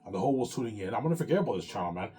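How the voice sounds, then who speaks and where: A man's voice: fairly low pitch, animated, very fast, mellow. A man hosting his own channel, ranting to the camera in an agitated, profane, repetitive way. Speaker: channel host.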